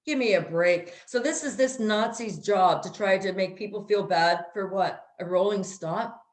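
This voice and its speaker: A woman's voice: mid-range voice, normal speed, echoey room. A woman co-hosting a casual chat who rants bluntly and swears freely. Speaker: co-host.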